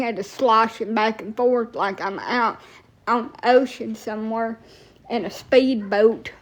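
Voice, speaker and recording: Speaking a little slowly, this TikTok storyteller from Alabama, USA, has a fairly high, fairly bright voice. She launches into a casual rant that's full of swearing, blunt, and rambling.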